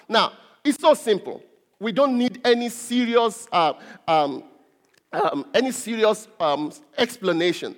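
A man's voice: high-pitched, animated, a little slow. A male pastor preaching a sermon, emphatic, repeating and stressing key words. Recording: long hall reverb.

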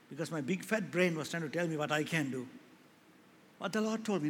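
A male pastor preaching a sermon to a church, swinging from quiet talk to loud impassioned calls and acting out the people in his stories. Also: fairly high pitch, lively intonation, brisk, a little hiss or hum. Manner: rises to loud impassioned preaching, acts out quoted voices. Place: large church hall. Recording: echoey hall with faint ambience.

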